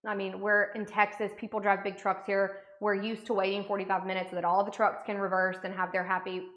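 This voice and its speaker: A woman's voice: mid-range voice, little pitch movement, fairly quick, a bit bright. A young woman vlogger telling a story as an indignant, sarcastic rant. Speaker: makeup vlogger. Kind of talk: storytime rant while doing makeup. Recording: roomy echo.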